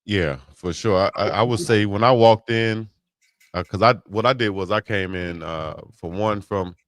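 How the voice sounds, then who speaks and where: A man's voice: lowish voice, moderate pace, dry recording. A man co-hosting a casual sports talk show, joking and trading banter with his co-hosts. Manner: joking, trash-talking banter. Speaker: co-host.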